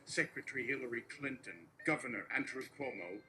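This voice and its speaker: Man reading a long deadpan list. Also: medium pitch, normal speed, over music, poor audio. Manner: steady listing delivery. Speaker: host reading a mock speech. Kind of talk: deadpan reading of a satirical speech.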